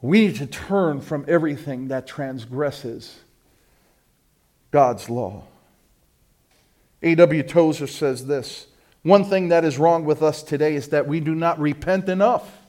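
A middle-aged man preaching a sermon, swinging from loud fervent peaks down to low, quiet storytelling. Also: a little slow, long pauses.

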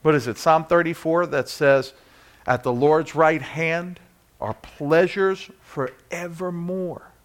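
Preaching man, soft then loud. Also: fairly high pitch, a little slow. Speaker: pastor. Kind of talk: sermon. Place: church.

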